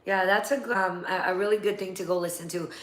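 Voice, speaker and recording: A woman's voice: fairly low pitch, steady tone, fast talker. Chatty woman host in an echoey room. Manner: chatty, rambling, laughs easily. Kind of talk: casual live-stream chat.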